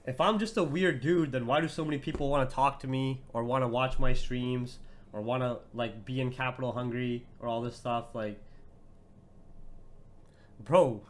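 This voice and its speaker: A man's voice: mid-range voice, fairly even intonation, normal speed. A young man hosting a trading livestream, talking to his chat in a brash, profane, mocking way and laughing often.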